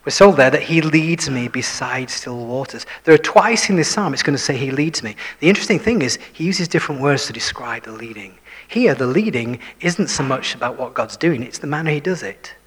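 A man's voice: medium pitch, expressive, brisk, few pauses, husky. Man preaching in a reverberant hall. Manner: shifts between full voice and hushed whispers for emphasis; self-deprecating, asks the listeners questions. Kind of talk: sermon.

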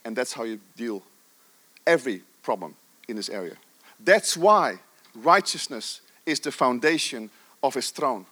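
A man's voice: mid-range voice, lively intonation, measured pace, bright, forceful tone. A middle-aged man preaching a sermon with passion, stressing his points and repeating phrases for emphasis.

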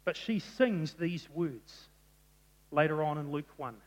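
Preacher in a reverberant hall. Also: male voice, on the high side, normal speed. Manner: animated storytelling, acting out quotes. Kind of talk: sermon. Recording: long reverb of a large hall.

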